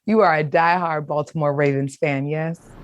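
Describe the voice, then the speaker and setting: A woman's voice: sits low, fairly even intonation, dry recording, lo-fi sound. A woman hosting an interview, asking playful questions in an upbeat way. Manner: upbeat, playful, quick to laugh. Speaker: host, interviewer.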